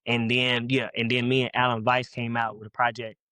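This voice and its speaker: Young male rapper from Louisville, quick rambling slang, dry close sound, guest on a podcast. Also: medium pitch, level tone, pushed and bright, no room sound. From Louisville, Kentucky, US. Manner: rambling, slangy, laid-back. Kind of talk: casual podcast interview.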